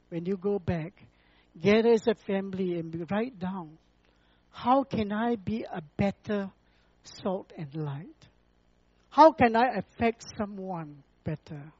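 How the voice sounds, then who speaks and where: A preacher delivering a sermon and closing prayer in an earnest, deliberate way, repeating phrases for emphasis, on a dull lo-fi recording. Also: mid-range voice, darkish tone, husky, no echo.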